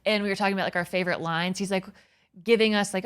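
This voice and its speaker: A young woman co-hosting a casual podcast, telling stories in an animated, giggly and self-mocking way. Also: mid-range voice, rapid-fire, smooth. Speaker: podcast co-host.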